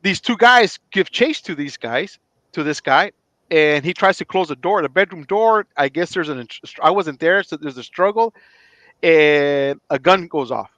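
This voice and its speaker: At a measured pace and in a voice leaning high, a middle-aged retired police chief recounts a story on a casual podcast. He's animated, performing the quoted lines as he goes, and there's no echo.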